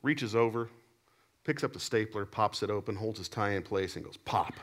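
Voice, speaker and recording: A man preaching a sermon to his congregation. He tells stories animatedly, swinging between loud emphatic lines and low, quiet asides. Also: moderate pace. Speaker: pastor. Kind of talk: sermon with storytelling.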